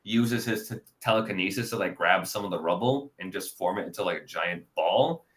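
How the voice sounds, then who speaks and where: A young man co-hosting a casual movie review chat, animated and bursting into loud character voices. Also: low voice, a little fast. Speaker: podcast co-host.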